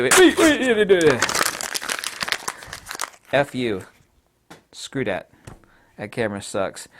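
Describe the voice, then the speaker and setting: Guy ranting about cameras, blunt n jokey, goes loud then mutters low, mid pitch. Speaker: camera reviewer. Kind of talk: off-the-cuff video review.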